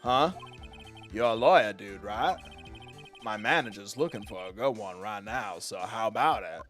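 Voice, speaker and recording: A man's voice: lowish voice, animated, fairly bright tone, faint music behind. A man voicing a laid-back young dude in a video game, with a Southern drawl and an easygoing way of talking. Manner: slow, easygoing, saying dude.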